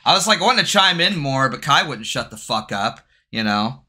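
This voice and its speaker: A man's voice: mid-range voice, normal speed. A man hosting a casual stream chat, teasing and joking in banter. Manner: teasing, jokey, lively banter. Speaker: stream host.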